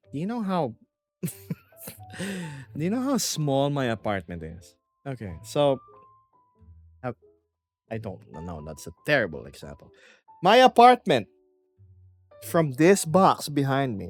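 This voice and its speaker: A young man streaming from his small apartment, chatting casually with viewers and reading their comments aloud in a lively, self-deprecating way. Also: mid-range voice. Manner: animated, self-deprecating, reads chat aloud. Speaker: VTuber streamer. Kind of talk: casual livestream chat.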